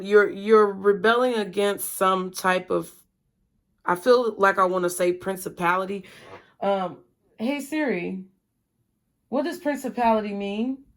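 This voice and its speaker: A woman's voice: medium pitch, unhurried. A woman giving a casual tarot reading, chatty and blunt, with frequent swearing. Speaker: tarot reader.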